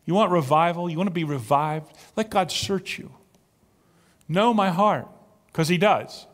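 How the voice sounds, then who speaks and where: A male pastor preaching a sermon with drama, dropping to a hush and then building loud. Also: high-pitched, measured pace. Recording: long reverb of a large hall.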